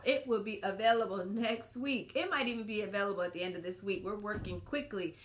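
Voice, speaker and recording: A woman's voice: fairly high pitch, a bit bright. Earnest woman giving marriage tips. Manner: earnest, encouraging, repeats phrases for emphasis. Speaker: marriage ministry host. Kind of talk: devotional tips talk.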